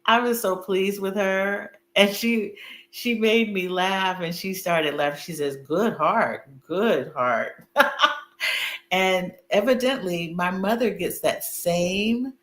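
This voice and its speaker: A woman's voice: mid-range voice, fairly even intonation, measured pace, a bit bright. A middle-aged woman chatting casually on a video call, telling a story with lots of fillers and laughter. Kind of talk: casual chat. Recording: echoey room with faint hum.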